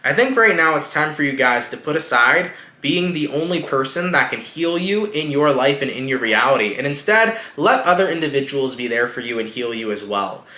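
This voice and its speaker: A man's voice: a little high, expressive, normal speed, hardly any pauses, sharp tone, reverberant. A man giving a casual tarot reading, speaking reassuringly and straight to the viewer. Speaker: tarot reader.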